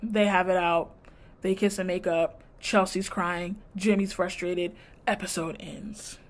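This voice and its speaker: A woman's voice: on the low side, level tone, a little slow. A woman vlogger recapping a reality show in casual chat, with blunt, sassy commentary and slang. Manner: retells scenes by quoting people.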